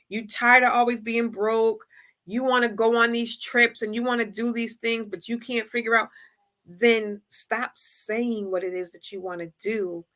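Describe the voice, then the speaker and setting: A woman hosting a livestream, giving a preachy motivational talk and acting out imagined people in quick asides. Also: a little high, bright, forceful tone. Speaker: livestream host. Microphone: streaming setup.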